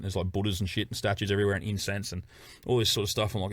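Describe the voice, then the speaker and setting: A man's voice: lowish voice, very fast, dry recording. A man with a New Zealand accent telling a rambling, profane story on a podcast, laughing as he goes. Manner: storytelling, swearing, laughing often. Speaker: podcast guest. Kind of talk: casual podcast chat.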